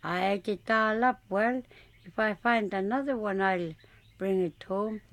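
Woman playing a greedy little boy in a folk tale, low chant, fretful, gravelly. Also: measured pace, fairly bright tone, no echo. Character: hungry little boy who swallows everything.

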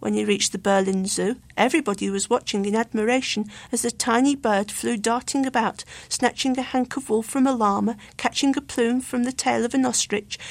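A woman reading a children's storybook aloud with clear, expressive narration. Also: fairly high pitch, no room sound.

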